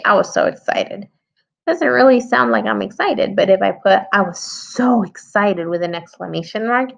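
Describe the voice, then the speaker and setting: A woman's voice: mid-range voice, gravelly. A woman teacher giving a writing lesson to young children, patiently thinking aloud as she edits her story. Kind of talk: early-grade writing lesson. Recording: slightly dull lo-fi sound.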